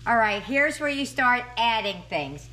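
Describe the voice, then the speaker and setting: A woman's voice: on the high side, very animated, unhurried, pushed and bright. A middle-aged woman hosting a home cooking video, chatting and thinking aloud as she cooks. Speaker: cooking channel host. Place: home kitchen.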